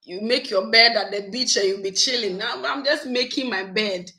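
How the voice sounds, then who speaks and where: A woman talks casually to her viewers from home. She is animated and chatty, laughing often as she goes. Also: a little high, moderate pace, low-quality recording. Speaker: YouTube vlogger. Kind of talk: casual live chat with viewers.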